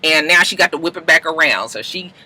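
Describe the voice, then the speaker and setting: A man casually recapping a TV episode, acting out the characters' lines in high put-on voices. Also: expressive, brisk, sharp tone, breathy edge, poor audio.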